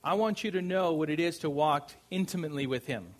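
A man's voice: on the high side, brisk. Man preaching in a conversational tone. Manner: conversational preaching with fillers, rising to loud proclamation. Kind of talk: sermon.

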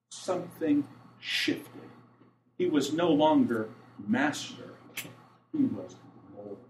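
A man's voice: medium pitch, slight background noise. A man preaching a sermon as pastor, talking plainly and asking the congregation questions. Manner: conversational, asks the congregation questions; grows louder and more urgent toward the end. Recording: echoey room, mic from a distance.

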